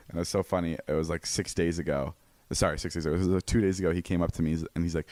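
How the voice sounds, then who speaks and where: A young man telling a story in casual podcast chat, animated and swearing a lot, with many fillers and restarts. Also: deep voice, racing, no room sound. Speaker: podcast guest.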